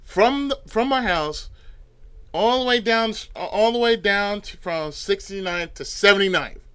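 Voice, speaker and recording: Lively high-voiced man telling stories. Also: unhurried, clean tone. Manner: rambling, animated, acts out voices in anecdotes. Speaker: podcast co-host. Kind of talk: casual chat, storytelling.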